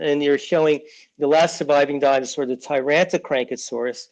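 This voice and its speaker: A man's voice: a little high, fairly even intonation, normal speed, low-quality recording. A man in his sixties, a children's author, talking through his ideas in a loose, rambling way, often restarting sentences and briefly acting out relatives' voices. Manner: rambling, many restarts, acts out family voices. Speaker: children's book author, guest. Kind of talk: casual interview talk.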